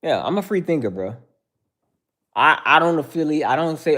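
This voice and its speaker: A man's voice: a little high, wildly swooping pitch, moderate pace, creaky, pushed and bright. A man hosting a livestream who answers viewers by name in casual, heated talk, calling everyone "bro.". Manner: heated, preachy, says "bro" constantly; addresses chatters by name. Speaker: livestream host.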